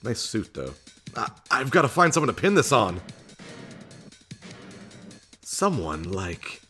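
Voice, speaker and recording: A man's voice: mid-range voice, big pitch swings, takes it slowly, sharp tone, faint music behind, full character voice. A man voicing a scheming male killer in a game, panicky and sly.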